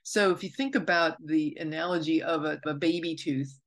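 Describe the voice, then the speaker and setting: Talking without a script on her own podcast, a woman astrologer wanders reflectively through her thoughts, fixing her own wording and straying into side remarks. She has a low voice and a moderate pace.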